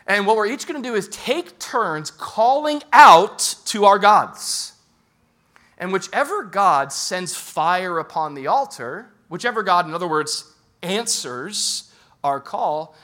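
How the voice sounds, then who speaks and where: A man preaching a sermon in an animated, humorous and emphatic way. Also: sits high, normal speed. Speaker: pastor.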